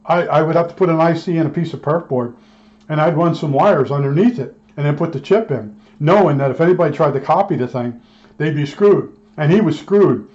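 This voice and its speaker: A man's voice: on the high side, a little fast, darkish tone. Rambling New man, dull lo-fi sound. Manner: rambling, acts out both sides of old arguments. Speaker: electronics technician. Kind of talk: casual storytelling. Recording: dull lo-fi recording.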